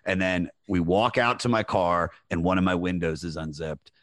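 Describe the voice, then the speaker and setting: A comedian chatting casually on a podcast, telling a rambling, animated anecdote full of fillers. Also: male voice, low voice, moderate pace, no echo. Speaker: comedian guest. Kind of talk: casual storytelling chat.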